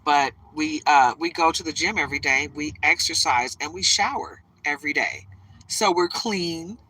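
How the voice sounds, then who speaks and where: A woman's voice: low-pitched, moderate pace, pushed and bright, slightly rough, low-quality recording. A woman who reads tarot, chatting casually and emotionally on a livestream from inside a parked truck.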